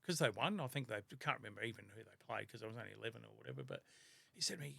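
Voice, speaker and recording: An Australian man in his fifties, a podcast guest telling lively stories in casual chat and laughing often. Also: mid-range voice, racing, creaky, slightly rough. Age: 50s.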